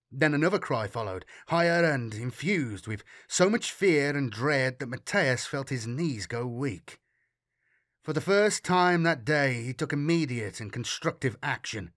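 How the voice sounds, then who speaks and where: A man reads a dark science-fiction audiobook with lively, animated pitch movement and a steady storytelling pace. The recording is dry and close, with no room sound. He sounds engaged in the story, mid-pitched. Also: dry recording. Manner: expressive storytelling reading. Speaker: audiobook narrator. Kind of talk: scripted narration.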